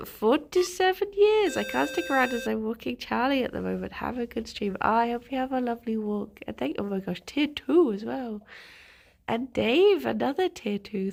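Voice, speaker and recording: A woman's voice: on the high side, vocal fry. A woman streamer chatting casually on a live stream, congested from a cold, reading out chat messages and laughing often.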